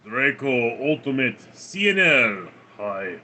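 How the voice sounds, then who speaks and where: A man's voice: mid-range voice, very animated, a little slow, hardly any pauses, sharp tone. A man casually chatting on a live stream, reading out viewer names and comments in a laid-back, chuckling way. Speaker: livestreamer reading chat.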